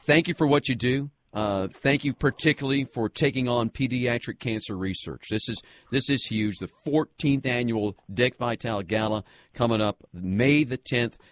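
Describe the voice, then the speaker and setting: A man hosting a radio interview who speaks earnestly and haltingly, restarting his sentences often. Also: medium pitch, a little hiss or hum. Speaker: radio host.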